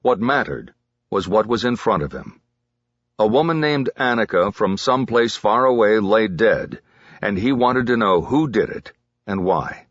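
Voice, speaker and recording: A man reading a crime novel aloud as an audiobook narrator, measured and dramatic. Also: fairly low pitch, lively intonation, a bit bright, no echo, muffled recording.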